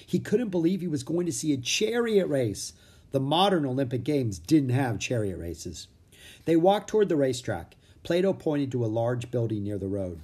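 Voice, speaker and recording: A man reading a children's chapter book aloud, expressive storytelling. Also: medium pitch, normal speed, slightly rough. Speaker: audiobook reader.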